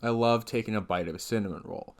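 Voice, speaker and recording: A man's voice: lowish voice, quick pace. A young man co-hosting a podcast, chatting casually with a dry, offbeat sense of humor. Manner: dry, offbeat jokey delivery. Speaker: podcast co-host. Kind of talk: casual chat.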